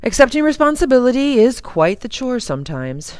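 A woman's voice: on the high side, sing-song, a little fast, darkish tone, clear, resonant tone, no room sound, studio quality, voice pushed up. A woman voicing a kind, reflective father in a storybook. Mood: gentle.

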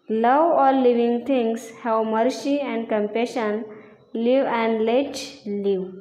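A woman teacher slowly reading out textbook answers and repeating each one. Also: on the high side, a little mellow. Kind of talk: slow classroom lesson reading answers aloud. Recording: echoey room.

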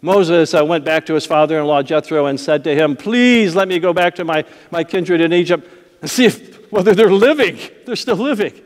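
Storytelling pastor in a reverberant hall. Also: male voice, a little high, moderate pace. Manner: conversational storytelling with acted-out voices and laughs. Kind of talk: sermon. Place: church sanctuary.

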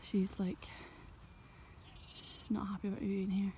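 Soft-spoken woman murmuring in a field. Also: medium pitch, completely flat delivery, unhurried, a little hiss or hum. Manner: gentle and chatty, half-whispering. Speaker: ASMR creator and farmer. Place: outdoors in a sheep field.

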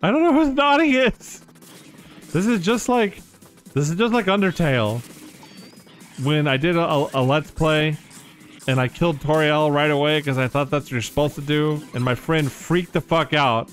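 A man giving casual live commentary while streaming a game, excitable and quick to laugh, swearing often and reacting loudly to surprises. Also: a little high, faint music behind. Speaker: streamer playing a modded platform game.

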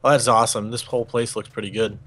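A man's voice: lowish voice, level tone, fast, fairly bright tone. A man with a Boston accent in easygoing, casual chat with friends while playing a game together online. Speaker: new server member.

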